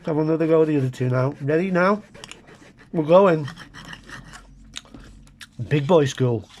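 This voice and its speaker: This middle-aged Briton's voice sits on the high side, unhurried and a little mellow, with a bit of hiss or hum in the recording. A food vlogger, he taste-tests on camera with casual comic chat and wry, muttered asides to his viewers.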